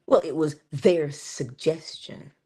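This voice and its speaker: A woman giving a morning motivational talk, dropping at times into a soft whisper and drawing out key phrases slowly. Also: low voice, breathy edge. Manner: shifts between full voice and soft unvoiced whisper; drawn-out, emphatic delivery with slowed phrases. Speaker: inspirational speaker.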